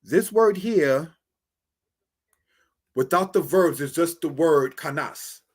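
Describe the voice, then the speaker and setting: A man teaching Bible Hebrew in a slow, repetitive way, often asking "all right?" and calling listeners brothers and sisters. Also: fairly high pitch, expressive. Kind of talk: screen-share Hebrew lesson.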